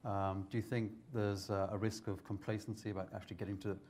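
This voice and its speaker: A man asking measured, inquisitive questions as an interviewer. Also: fairly low pitch, level tone, darkish tone.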